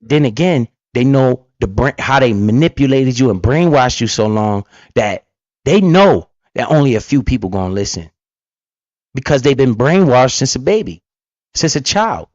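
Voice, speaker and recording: A man's voice: medium pitch, animated, normal speed, a little mellow, dry recording. A man giving heated, profane reaction commentary about investing, preaching hard at his listeners. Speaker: finance commentator reacting to a clip. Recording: dull lo-fi recording.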